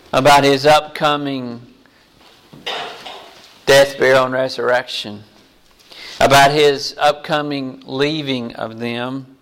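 A man preaching a sermon, reading scripture passages aloud slowly and deliberately. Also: medium pitch, a bit bright.

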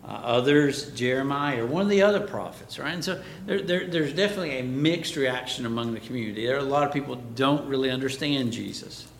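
A man's voice: expressive, quick pace, creaky, hardly any pauses. A man preaching a Bible class sermon, who asks the class questions and then answers them himself. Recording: echoey room, faint background rumble.

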